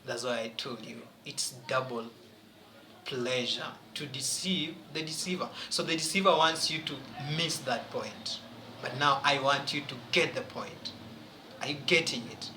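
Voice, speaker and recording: A man's voice: medium pitch, measured pace, echoey room, noisy background. A man teaching a French exam-prep lesson, emphatic and questioning his students as he goes.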